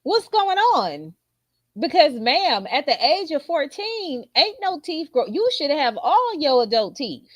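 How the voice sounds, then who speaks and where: Woman ranting on her channel, aave, real blunt and cussing, kinda high voice. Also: sing-song, a little slow, few pauses, dry recording. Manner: blunt, incredulous, profane. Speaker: commentary channel host. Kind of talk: casual reaction commentary.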